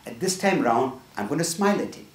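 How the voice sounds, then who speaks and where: A middle-aged man speaks earnestly to a small group, giving a motivational talk and checking in with "right?" at the end of each point. His voice sits a bit high for a man and is picked up from across an echoing room. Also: animated, fairly quick. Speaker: workshop speaker. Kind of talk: motivational talk with personal stories. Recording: echoey room from a distance.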